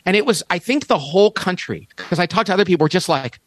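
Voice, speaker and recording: A man in his fifties, a podcast guest, telling a story with lively, animated delivery and acted-out quotes. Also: fast, hardly any pauses, no echo. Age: 50s. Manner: animated, acts out quotes with big pitch jumps. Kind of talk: storytelling in a conversation.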